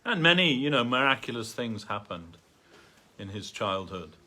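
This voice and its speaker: A man telling a story at a temple gathering in a halting way, with many fillers and restarts. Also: mid-range voice, sing-song, sharp tone. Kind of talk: storytelling talk. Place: temple hall.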